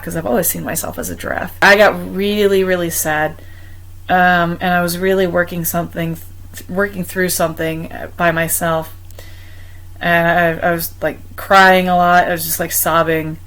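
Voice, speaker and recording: A young woman casually recounting a personal experience to camera, chatty, with frequent ums and restarts. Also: low-quality recording. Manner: chatty, many ums and restarts, bursts into high excited quoting. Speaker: vlogger.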